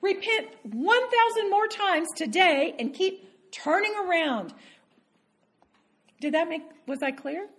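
A woman teaching a sermon to women, animated and self-deprecating, laughing often as she talks. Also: extremely high pitch, takes it slowly.

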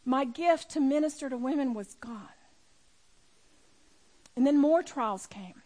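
A middle-aged woman with a high voice gives a personal testimony to an audience. She speaks as a women's ministry speaker, telling her story with emphasis and pushing her voice near a shout at the big moments. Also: animated, unhurried. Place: room with a live audience.

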